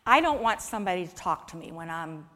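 A woman preaching a conversational sermon with an object lesson, coaxing and warm in asides, rising to lively emphasis. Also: lowish voice, fairly quick. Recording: long hall reverb.

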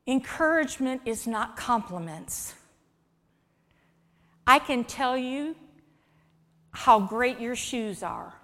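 A woman delivering a sermon in a church sanctuary, her voice bright and fairly high. She speaks slowly and conversationally, dropping into soft asides and then lifting for emphasis. The room gives a long, lingering reverb. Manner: conversational, coaxing, shifts between soft asides and lively emphasis. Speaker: preacher. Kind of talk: sermon with a live object lesson.

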